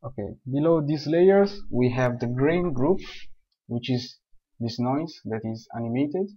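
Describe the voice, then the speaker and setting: A man calmly explaining software steps one by one in a screen-recorded tutorial. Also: medium pitch, a little slow, breathy edge. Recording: dull lo-fi voice recording.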